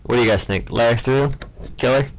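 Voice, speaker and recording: A man's voice: mid-range voice, brisk, low-quality recording. A young man giving casual gameplay commentary, stumbling over names and muttering offhand asides. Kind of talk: casual let's-play commentary.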